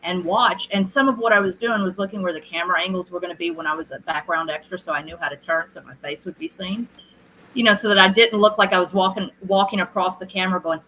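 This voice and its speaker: A middle-aged woman, a film director being interviewed, telling stories in a casual, animated way and acting out what people said. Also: lowish voice, quick pace, a little hiss or hum, rough recording. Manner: animated storyteller who acts out quoted lines.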